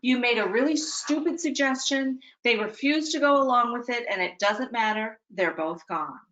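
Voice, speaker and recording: In a webinar for parents, a woman with a slightly high, somewhat bright voice talks at a moderate pace through poor audio. She sounds conversational and pokes dry fun at herself, frequently checking in with "okay?"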